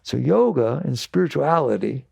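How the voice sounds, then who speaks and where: Man, spiritual teacher; gravelly, dry close sound, emphatic and repetitive with rhetorical questions. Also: medium pitch, sing-song, moderate pace, a little mellow, dry recording. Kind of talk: spiritual talk to an audience.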